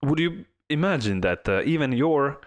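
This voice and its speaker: Podcast host, male, lively chatty delivery, halting and restarting. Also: on the high side, over a noisy crowd. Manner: chatty, halting with restarts, reading reviews aloud. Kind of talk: casual chat.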